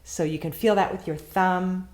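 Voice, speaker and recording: A woman teaching a beginner tambourine lesson, guiding calmly and chanting the rhythm syllables along with her playing. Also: fairly low pitch, normal speed. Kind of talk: instructional lesson. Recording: loud tambourine playing behind.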